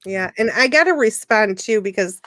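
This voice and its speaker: A woman's voice: medium pitch, animated, normal speed, a bit bright, dry recording. A woman who works as a psychic medium, chatting on an internet radio show and telling rambling, emotional stories full of restarts. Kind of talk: casual radio conversation.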